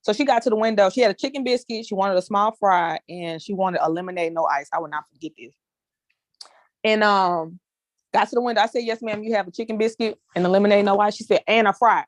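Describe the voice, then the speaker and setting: A woman's voice: medium pitch, fast talker, dry recording. A woman leading a small group discussion, telling a casual story in a chatty way and addressing listeners as y'all. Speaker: discussion leader.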